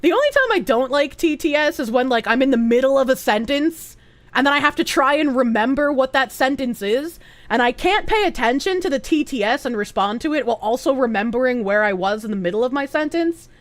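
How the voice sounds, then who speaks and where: A woman's voice: high voice, expressive, brisk, no echo. A woman streaming live, chatting casually with her chat, reading messages aloud and thanking donors with squeals.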